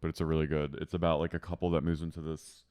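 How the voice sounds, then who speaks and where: Deep, smooth-voiced male co-host on a dry, close mic. Casual and jokey. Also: level tone, rapid-fire, darkish tone, no room sound. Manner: joking, adds punchlines to the recap. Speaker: podcast co-host. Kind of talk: casual chat recapping a reality show.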